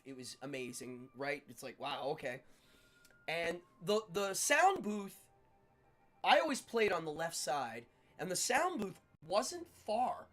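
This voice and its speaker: A middle-aged man hosting a livestream, telling stories in a casual, animated way with frequent laughter. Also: on the high side. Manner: animated, laughs often, acts out quotes. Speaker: livestream host. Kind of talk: casual storytelling chat.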